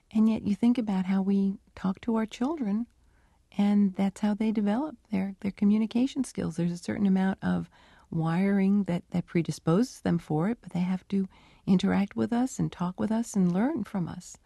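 A middle-aged woman researcher answering interview questions and telling her work stories with lively, acted-out dialogue. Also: medium pitch, moderate pace, vocal fry, slightly rough, dry recording, clean studio sound. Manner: animated storytelling, acts out dialogue. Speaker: animal cognition researcher.

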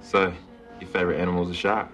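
A deadpan awkward geek. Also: male voice, low voice, fast talker, faint music behind. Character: awkward self-obsessed geeky young man.

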